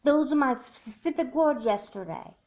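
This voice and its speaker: A woman voicing an upset young girl in a doll movie, high-pitched, pleading and accusing. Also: expressive, normal speed, a little mellow. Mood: hurt. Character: upset girl hurt by a broken secret.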